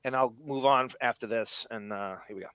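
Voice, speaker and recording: A man's voice: mid-range voice, a little fast, fairly bright tone, clean tone, no echo, dull audio. A man hosting a podcast, talking in an enthusiastic, rambling way with frequent restarts. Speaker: podcast host. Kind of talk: casual chat.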